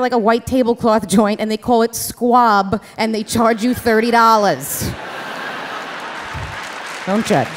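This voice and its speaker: A woman telling a story live on a theater stage, fast and chatty, full of "like" and "you know.". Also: high voice. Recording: live theater hall reverb, faint music.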